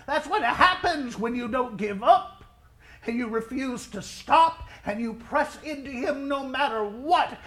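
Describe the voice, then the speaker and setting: A man preaching a sermon, moving between quiet storytelling and loud, drawn-out climaxes. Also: very high voice. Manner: dramatic, swings from quiet storytelling to shouted climaxes; slow, drawn-out emphasis on key words.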